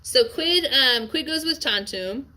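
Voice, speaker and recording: A woman teaching a Latin class, chatty and lively, checking in often with her students and sounding a bit tired. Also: sits high, unhurried. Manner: lively, chatty, asks frequent check-in questions. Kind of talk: classroom lecture on a Latin text.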